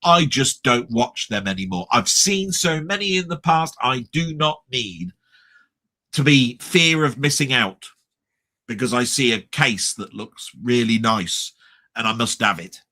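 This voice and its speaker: A man's voice: mid-range voice, measured pace, bright, forceful tone. A man with a British accent hosting a live stream, ranting bluntly and swearing in casual chat. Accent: British English.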